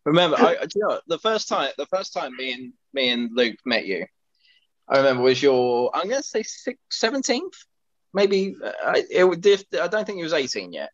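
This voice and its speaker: A man's voice: a little high, big pitch swings, normal speed, lo-fi sound. A man telling stories with restarts in a casual podcast chat. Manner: rambling storyteller with restarts. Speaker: podcast co-host.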